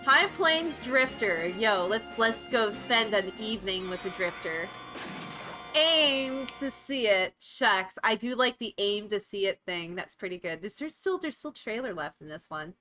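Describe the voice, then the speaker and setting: A woman's voice: mid-range voice, expressive, moderate pace, few pauses, over music, rough recording. A woman streaming a game and chatting casually, laughing easily and saying "oh shucks" a lot. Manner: giggly, exclaims "oh shucks" often. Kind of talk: casual live-stream commentary.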